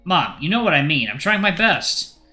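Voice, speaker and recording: A man's voice: fairly high pitch, big pitch swings, moderate pace, sharp tone, soft background music, pitched above the performer's own voice, heavily acted. A man voicing a 23-year-old male traveler who talks casually and gets defensive.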